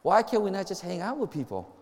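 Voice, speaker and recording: A man with a high voice preaches to a group in a casual, joking way, acting out quick back-and-forth conversations. His voice rings with the long reverb of a large hall. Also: big pitch swings. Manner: chatty, joking, acts out little dialogues. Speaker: campus minister. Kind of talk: informal sermon to a group.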